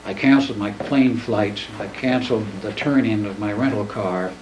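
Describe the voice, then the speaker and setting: A man's voice: lowish voice, moderate pace. An older man speaking plainly to an audience, recounting a story in a folksy manner and slipping into other people's voices for quotes. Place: presentation room. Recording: echoey room, distant mic, faint noise.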